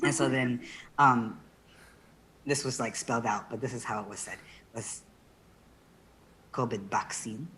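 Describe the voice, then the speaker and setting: Rambling, giggly comedian. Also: female voice, a bass voice, moderate pace, pauses often, slight background noise. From Philippines. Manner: rambling, giggly, laughs mid-sentence; trails off into soft, quiet asides. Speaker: stand-up comedian. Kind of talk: virtual stand-up set. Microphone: video call.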